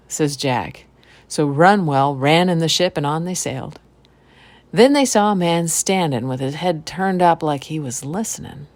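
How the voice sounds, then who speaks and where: A woman storyteller and podcast host telling an old folk tale in a relaxed, folksy way. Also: sits low, measured pace, dry recording.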